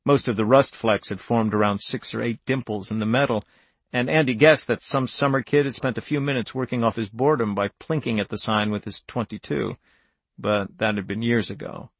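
Male narrator for a novel, gravelly mid-range voice, even and measured, dry booth sound. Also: mid-range voice, no room sound. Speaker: audiobook narrator.

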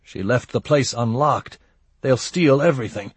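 A man's voice: mid-range voice, moderate pace, breathy edge, no echo, close to an everyday voice. A man doing a whining, hungover innkeeper. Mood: despairing. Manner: whining, groaning. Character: miserable hungover middle-aged innkeeper man.

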